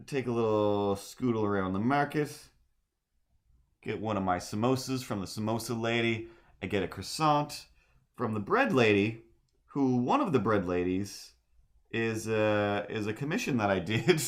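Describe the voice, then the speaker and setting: Rambling, self-mocking man on a livestream. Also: lowish voice. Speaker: streamer and artist. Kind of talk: casual livestream chat.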